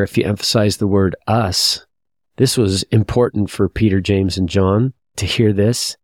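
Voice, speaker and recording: A man's voice: fairly low pitch, fairly even intonation, unhurried, dry recording, studio quality. A man teaching a scripture lesson, reading verses aloud and reflecting in a confessional, thoughtful way.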